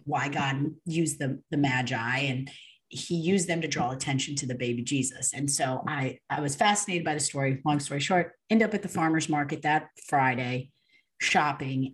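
A woman guest recounts her story in an animated, chatty way, with plenty of fillers and reenacted dialogue. Her voice sits notably low for a woman. She sounds relaxed and unscripted. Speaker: podcast guest. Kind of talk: casual storytelling testimony.

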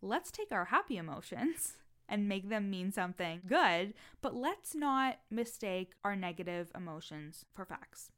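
A woman's voice: mid-range voice, very animated, a bit bright. A woman business coach hosting a solo podcast, talking frankly with plenty of swearing and acting out the voices in her head. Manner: frank and profane, fast bursts, acts out inner voices.

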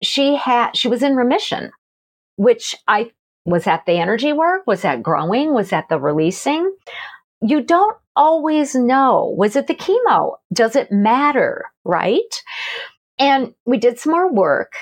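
A middle-aged woman, a guest author and energy healer, telling stories in a casual, animated conversation with frequent laughter. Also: fairly high pitch, unhurried. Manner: animated, laughing, acts out quoted voices.

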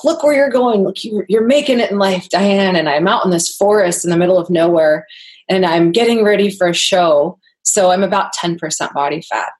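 A young adult woman as a podcast guest, candidly telling a personal story, earnest and laughing often. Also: fairly low pitch.

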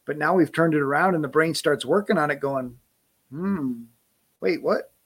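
A man in a casual coaching chat, enthusiastic, often repeating himself, dropping low to voice a doubting inner voice. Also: quick pace, a bit bright. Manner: enthusiastic, repeats and restarts, drops to low muttering for quoted inner voice.

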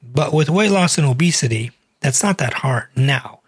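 A man's voice: mid-range voice, lively intonation, moderate pace, slightly rough, dry recording, studio quality. A man who is a cardiologist and weight loss doctor, telling a patient story in a chatty, earnest podcast manner. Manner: earnest, chatty, many fillers.

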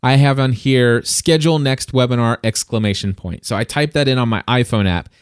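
A man in the middle of easygoing tech podcast chat, rambling along and often stopping to restart a thought. His voice sits at an ordinary middle pitch. The sound is dry and close, with no room in it. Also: fairly quick, clean tone, dry recording. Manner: rambling, self-interrupting, playful. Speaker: podcast co-host.

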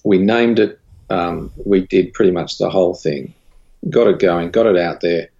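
A man's voice: normal speed, creaky, breathy edge, muffled recording. A man, a studio owner telling a candid story in a casual interview. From Australia. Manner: candid, recounts dialogue with rising animated pitch. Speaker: guest, studio owner and creative director.

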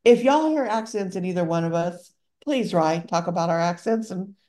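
A woman's voice: fairly low pitch, expressive, moderate pace, a little mellow. A woman from Louisiana with a Southern accent, co-hosting a casual chat show in an easygoing, musing way. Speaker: podcast co-host.

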